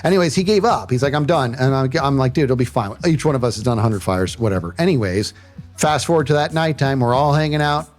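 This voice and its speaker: Man, livestream storyteller, casual, animated, acts out quotes, mid pitch. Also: fast talker, soft background music. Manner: animated, says "dude" and "bro" often, acts out quotes. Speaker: streamer telling a story.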